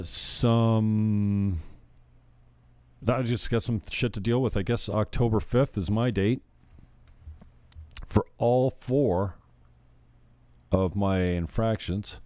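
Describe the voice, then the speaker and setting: A man's voice: lowish voice, a little mellow, no echo. A male show host ranting casually, blunt, profane and mocking. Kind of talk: casual crude comedy rant.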